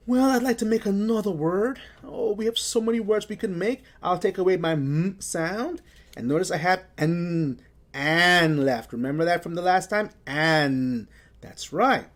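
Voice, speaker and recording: A woman teaching a children's phonics lesson, sounding out letters slowly and praising often. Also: medium pitch. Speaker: reading teacher.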